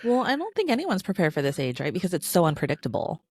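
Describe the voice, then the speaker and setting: A woman in her late thirties co-hosting a podcast, supportive and reflective, slowing down to make a point. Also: fairly low pitch, wildly swooping pitch, a little mellow, husky, no room sound. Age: late 30s. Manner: supportive, reflective, slow when making a point. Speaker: podcast co-host. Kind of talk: casual chat.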